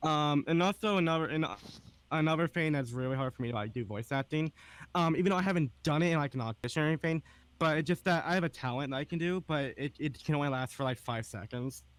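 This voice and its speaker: A man with a youthful, medium-high voice, hosting a casual podcast chat and talking hesitantly with many fillers. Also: quick pace, clean tone. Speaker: podcast host.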